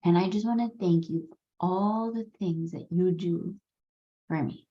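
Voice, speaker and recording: A woman's voice: fairly low pitch, a little slow. A woman in her forties hosting a podcast, telling a personal story in a candid, earnest way with casual swearing. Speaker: podcast host. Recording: slightly dull, roomy recording.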